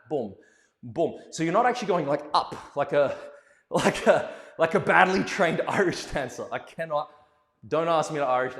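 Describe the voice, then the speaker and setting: A man teaching a live ballroom dance lesson, playful and animated, joking in asides and counting the beats aloud. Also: on the high side. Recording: echoey room with long reverb.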